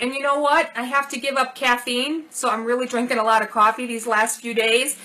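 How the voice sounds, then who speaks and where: A woman's voice: on the high side, little pitch movement, fairly quick, hardly any pauses, rough recording. A middle-aged woman hosting a casual vlog, opening gifts and thanking viewers with gushing delight. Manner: gushing, warm thanks over small gifts. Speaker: channel host. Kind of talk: casual gift-unboxing vlog.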